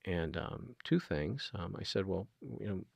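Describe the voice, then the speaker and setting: A man's voice: deep voice, expressive, unhurried, vocal fry, slightly rough, dry recording. A middle-aged man talking earnestly as an interview guest, retelling conversations with plenty of ums and you-knows. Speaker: guest, food nonprofit founder.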